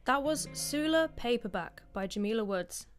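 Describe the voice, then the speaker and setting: A woman's voice: on the high side, expressive, moderate pace, faint music behind. A woman presenting a student science radio show, introducing segments in a casual, chatty way.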